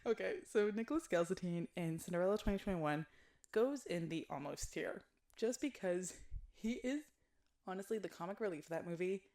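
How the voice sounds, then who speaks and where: Woman host for a chatty video: blunt, jokey, animated delivery, slightly low pitch. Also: brisk. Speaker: YouTuber reviewing films. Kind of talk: casual chat.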